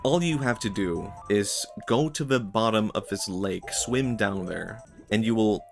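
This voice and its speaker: A man voicing a wise sage who chides in a hurried, slightly raised voice. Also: on the low side, gravelly, faint music behind. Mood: chiding. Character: wise sage warning a king.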